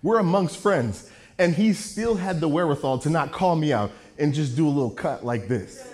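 A man preaching a sermon, telling a story with jokes in an animated, self-mocking way. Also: fairly high pitch, normal speed.

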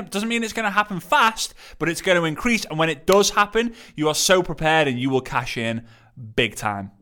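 A man from England with an English accent and a slight lisp, hosting a solo motivational podcast in an emphatic, energetic way and repeating key phrases, still recovering from an illness. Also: a little high. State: recovering from illness, not fully well. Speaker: podcast host.

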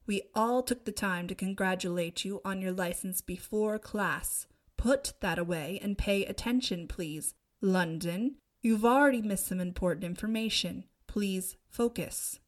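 A woman doing a strict, calmly stern teacher. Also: mid-range voice, a little slow, few pauses, close to an everyday voice. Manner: calm, firm and clipped. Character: strict middle-aged female teacher, scary calm.

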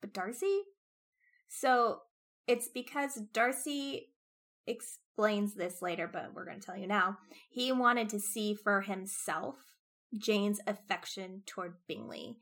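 A woman's voice: mid-range voice, expressive, slow pace, a bit bright. A woman co-hosting a casual book discussion podcast, explaining and correcting details. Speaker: podcast co-host.

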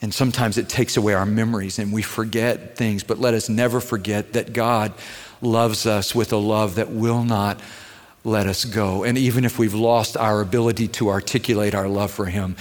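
A man preaching a sermon as a pastor, earnest, moving between quiet tenderness and raised intensity. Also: on the low side, little pitch movement, moderate pace. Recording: long hall reverb.

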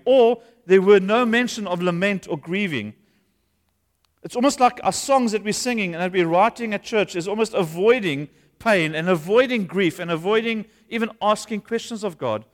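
男性南非口音牧师，在教堂里讲道，声音偏高. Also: male voice, high-pitched, normal speed. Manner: earnest, conversational preaching with rising emphasis. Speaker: pastor. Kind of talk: sermon. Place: church. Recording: long hall reverb.

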